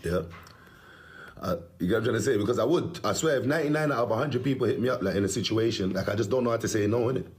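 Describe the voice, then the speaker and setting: A man's voice: mid-range voice, rapid-fire, reverberant. A young man rambling through a story in street slang, emphatic and swearing. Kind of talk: casual ranting story.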